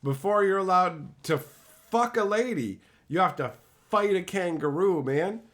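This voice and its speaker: With a high-pitched, expressive, slightly bright voice, a man talks unhurriedly on a casual livestream. He riffs on viewer chat messages with crude, profane banter.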